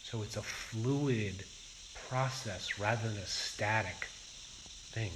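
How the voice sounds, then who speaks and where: A man as a Zen teacher giving a dharma talk, speaking in a slow and reflective way with pauses. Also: on the low side, noisy background.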